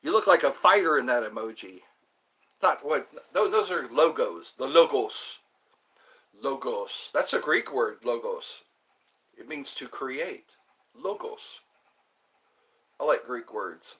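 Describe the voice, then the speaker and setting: A man's voice: mid-range voice, very animated, slow, long pauses, bright, forceful tone. A man streaming live, rambling and joking as he chats with his viewers. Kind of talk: casual live-stream chat.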